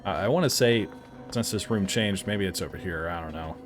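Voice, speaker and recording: A man with a lowish voice talks through a game in a loose, chatty way, drifting off on tangents and stumbling over his words before correcting himself. It has the easygoing feel of a reviewer chatting while he plays, with faint game music underneath. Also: fairly quick. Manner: rambling and chatty, with frequent self-corrections. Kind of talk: casual gameplay commentary.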